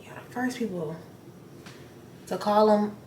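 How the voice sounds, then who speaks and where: Young woman, casual get-ready chat, blunt, profane, animated storytelling, echoey room, faint background noise. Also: medium pitch, unhurried. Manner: blunt, profane, animated retelling with acted-out quotes. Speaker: beauty vlogger.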